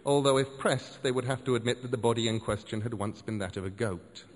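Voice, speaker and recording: A man narrating a story in an expressive, wry way. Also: medium pitch, a little fast, big-room sound.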